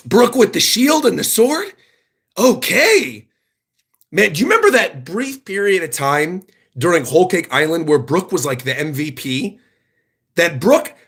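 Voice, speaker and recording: A man livestreaming his reaction to a new manga chapter, reading panels aloud and gushing over the big moments. His voice sits a little high and has a husky edge, and he talks with eager, excited energy. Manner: excited, enthusiastic commentary.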